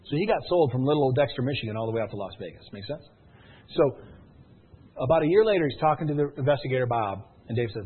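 Fast-talking husky man over a phone-like line. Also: mid-range voice. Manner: energetic, keeps checking in with listeners. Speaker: sales presenter. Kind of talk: sales pitch with storytelling. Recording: narrow phone-like sound.

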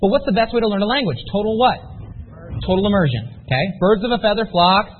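High-voiced, fast-talking male seminar speaker. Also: narrow, tinny audio, slight background noise. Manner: energetic, rhetorical, quizzes the audience. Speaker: motivational business speaker. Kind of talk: live sales seminar pep talk.

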